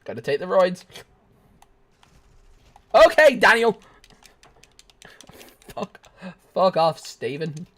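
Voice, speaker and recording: A man's voice: sits high, big pitch swings, takes it slowly, pauses often, pushed and bright. Young guy streaming a shooter, goofy and rambly, voice swings way up and down, squeals and laughs a lot. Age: young adult. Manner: goofy, rambling, bursts into shrieks, laughter and sung snatches. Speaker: gaming streamer. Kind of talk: casual live gameplay commentary.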